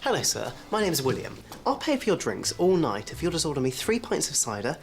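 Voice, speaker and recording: An actor playing a prim, awkward teenage schoolboy, who speaks in a formal, pompous way. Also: male voice, fairly high pitch, very animated, brisk, creaky. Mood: stubborn. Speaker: character in a sitcom. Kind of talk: sitcom acting.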